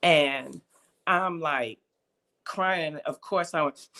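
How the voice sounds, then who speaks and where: Heartfelt woman telling her faith story, gravelly voice, acts out voices. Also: low voice, very slow, bright, forceful tone. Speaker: guest. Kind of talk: personal testimony in casual chat.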